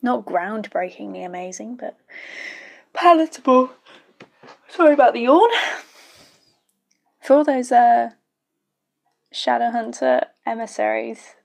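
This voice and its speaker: A woman's voice: fairly high pitch, unhurried, gravelly, long pauses. A young woman giving casual, blunt, sweary reaction commentary while watching a show. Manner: blunt, sweary, chatty asides. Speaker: YouTube reaction host.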